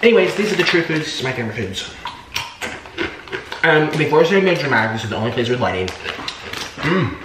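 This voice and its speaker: A man's voice: medium pitch, sing-song, quick pace, pauses often, far from the mic. A man vlogging at home while eating, talking in a dramatic, whiny way as he bickers with his partner. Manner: dramatic, whiny, shrieks when hit. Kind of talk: mukbang vlog with staged bickering. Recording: echoey room with clear background noise.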